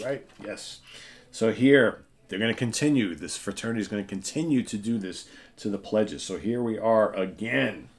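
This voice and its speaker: A man's voice: on the low side, normal speed. A man hosting a casual comic book show, retelling the story in a chatty way and often asking "right?". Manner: chatty, keeps checking in with "right?"; retells the plot and reads captions aloud.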